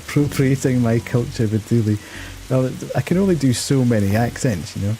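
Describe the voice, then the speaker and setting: A man's voice: medium pitch, moderate pace, warm tone, soft background music. A man streaming a first game playthrough live, chatty and self-mocking, laughing at his own voices.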